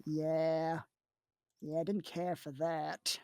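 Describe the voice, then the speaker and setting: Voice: mid-range voice, little pitch movement, slow pace, a little mellow, no room sound. A player at a tabletop game making dry, wry remarks. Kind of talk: tabletop game play, casual chat.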